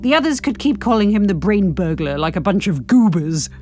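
A woman's voice: medium pitch, brisk, faint music behind. A woman co-hosting a comedy podcast, reading a story aloud and bantering playfully. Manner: playful, expressive. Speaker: podcast co-host and reader.

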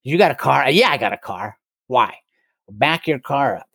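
Man doing a blunt old male sponsor, curt orders, mid pitch, dry sound. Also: animated, normal speed, creaky, a bit bright, slightly rough, no echo, full character voice. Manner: curt, matter-of-fact orders. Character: blunt older male sponsor, gruff and unsentimental.

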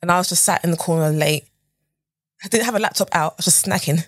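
A young woman from the UK recounts her career as an animated storyteller, slipping into other people's voices. Her voice sits a little low with a husky edge, recorded dry and close. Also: fast, dry recording. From United Kingdom. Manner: animated storyteller, acts out quotes with big pitch jumps and whispers. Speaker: podcast guest. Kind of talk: casual storytelling interview.

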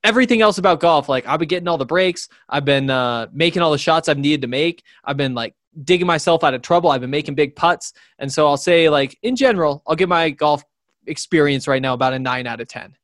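A man's voice: on the high side, a little fast, a bit bright, no echo, studio quality. Rambling young man telling stories. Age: 20s. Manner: rambling storyteller, many fillers. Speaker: sports podcast co-host. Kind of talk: casual chat.

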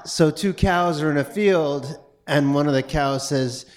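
Halting, self-deprecating man on stage. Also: a little high. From New York City. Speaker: guest, stage actor. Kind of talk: live podcast conversation.

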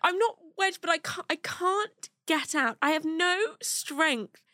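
A woman telling a comic story on a podcast, animated and often breaking into laughter. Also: very high-pitched, slow, no echo, clean studio sound. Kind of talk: casual storytelling chat. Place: podcast studio.

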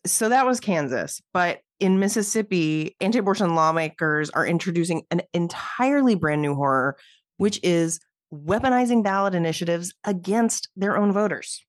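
A woman co-hosts a casual podcast, her voice a little low and her remarks wry and sarcastic. The sound is close and dry. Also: lively intonation, normal speed, dry recording. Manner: sarcastic, mocking asides. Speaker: guest co-host.

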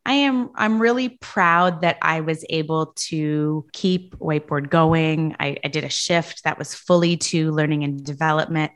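Thirtysomething woman on a podcast, lowish voice, earnest, keeps saying right?. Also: measured pace, few pauses. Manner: earnest, tags statements with "right?". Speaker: podcast guest, leadership consultant. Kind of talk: casual podcast conversation.

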